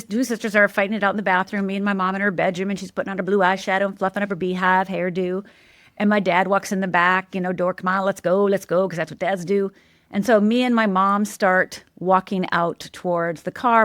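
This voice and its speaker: A woman's voice: medium pitch, steady tone, fairly quick, fairly bright tone, no echo, clean studio sound. A middle-aged woman, a life coach and podcast guest, telling a personal story candidly and emphatically, often checking in with "right?".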